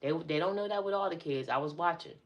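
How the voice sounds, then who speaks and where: Woman, middle-aged, low pitch, casual live-stream chat, talks to viewers as y'all. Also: quick pace, muffled recording. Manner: chatty, addresses viewers as y'all.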